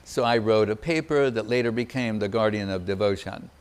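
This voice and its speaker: An older man giving a reminiscing devotional talk as a spiritual teacher, pausing often and searching for his words. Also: fairly low pitch, clear, resonant tone. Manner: halting, searching for words, many pauses.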